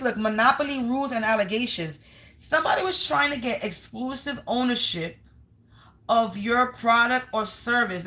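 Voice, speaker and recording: A fairly high-pitched woman streams a live spiritual energy reading. She talks straight to her viewers, swears freely, and circles through strings of near-synonyms as she goes. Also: sharp tone. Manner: blunt and profane, rambling lists of words. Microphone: streaming live on camera.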